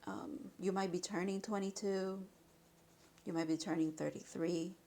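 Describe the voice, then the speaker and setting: A woman giving an intuitive spiritual card reading, emotional and halting, with sighs and restarts. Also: fairly low pitch, fairly even intonation, dark tone.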